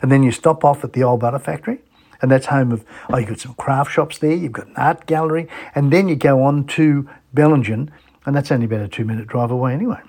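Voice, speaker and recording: An Australian man hosts a travel radio show with a husky, breathy edge to his voice. His pitch sits in an ordinary middle range. He talks with bubbly enthusiasm and keeps asking the listener rhetorical questions. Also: fairly even intonation, quick pace, a little mellow. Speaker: radio host. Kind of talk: chatty travel radio talk.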